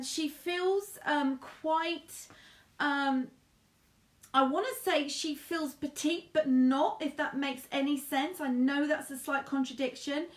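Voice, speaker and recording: A woman with a high voice gives a live psychic reading in a soft, halting way. She keeps calling the listener darling and my love. Her voice rings a little in an echoey room. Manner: soft, halting, addresses sitter with endearments. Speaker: medium.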